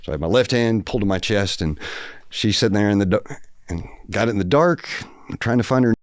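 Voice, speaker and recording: Low-voiced man telling a story. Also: expressive, a little fast, no echo, clean studio sound. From Texas. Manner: rambling, matter-of-fact. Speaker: podcast guest. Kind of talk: casual storytelling.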